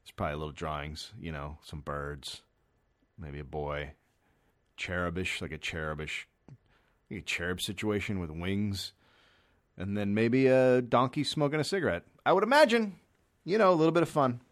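A man's voice: low-pitched, normal speed. A man from America doing a rambling, profane comedy monologue, sarcastic and acting out little voices. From United States.

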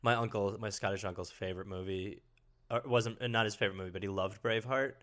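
A man's voice: lowish voice, steady tone, fast talker, fairly bright tone. A man in a casual comedy chat, teasing his co-host and telling a funny family story. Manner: teasing, storytelling, riffs on jokes.

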